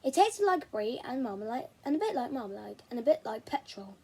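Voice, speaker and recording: A woman reading a children's novel aloud in an expressive, animated way. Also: a little high, a little fast, husky. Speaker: reader.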